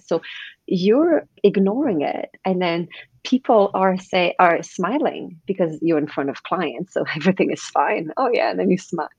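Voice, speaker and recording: A woman's voice: on the low side, darkish tone, slightly rough, no room sound, dull audio. A woman coach being interviewed on a podcast. She speaks animatedly and acts out quoted voices. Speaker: guest coach.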